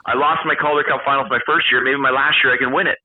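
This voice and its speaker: A man in his forties, a retired hockey player and podcast guest, telling animated stories, acting out quoted dialogue and swearing freely. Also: medium pitch, fast, no echo. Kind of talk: casual storytelling interview. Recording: tinny phone-like call line.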